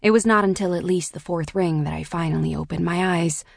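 A woman narrating a first-person audiobook in a measured, reflective way on a close studio mic. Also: on the low side, gravelly, dry recording.

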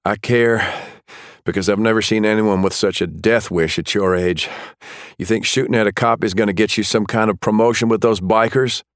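A man's voice: fairly low pitch, steady tone, normal speed, no echo, voice pushed up, close to an everyday voice. A man voicing a tough police officer who gives curt, dry commands. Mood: stern. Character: tough male police officer, calm and blunt.

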